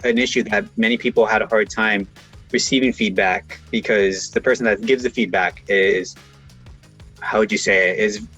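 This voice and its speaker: A man's voice: on the low side, a bit bright, husky, lo-fi sound. A man co-hosting a casual podcast, talking hesitantly and searching for words. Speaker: podcast co-host. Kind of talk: casual chat.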